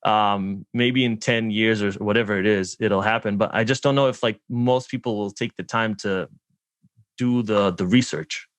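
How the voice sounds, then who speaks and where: A man's voice: lowish voice, fairly even intonation, normal speed, no room sound. Podcast host man, dry close sound. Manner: laughs easily, casual and agreeable. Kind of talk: casual podcast interview.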